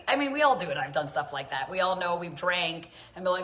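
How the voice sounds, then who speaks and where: A woman's voice: sits low, animated, fast talker, hardly any pauses, a bit bright. A woman talking to camera in an earnest, rambling monologue about self-care and living well. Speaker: vlogger. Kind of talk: casual monologue.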